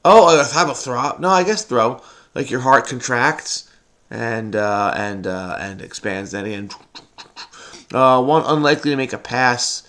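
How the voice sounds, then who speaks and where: Solving a crossword on video, a man thinks out loud in a frenetic, muttering way, now and then slipping into snippets of song. His medium-pitched voice is sharp, with lively intonation and a slightly slow pace.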